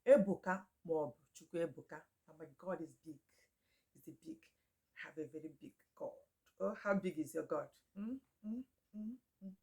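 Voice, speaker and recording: A woman runs a relaxed language lesson in a fairly low voice. She says each word again and again at an unhurried pace and laughs often as she talks. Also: creaky. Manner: chatty, repeats each name slowly, laughs often. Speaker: Igbo language teacher. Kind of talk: casual spoken lesson.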